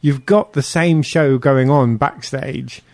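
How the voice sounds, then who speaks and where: A man's voice: medium pitch, takes it slowly, a little mellow, dry recording. A man presenting a radio show, interviewing a guest in a friendly, chatty way with light laughs. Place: radio studio.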